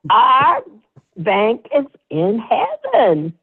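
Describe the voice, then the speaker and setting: Lively preacherly woman on a tinny line. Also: on the high side, drawn-out words, a loud crowd. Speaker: host. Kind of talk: spiritual group call, call-and-response. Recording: tinny phone-line audio.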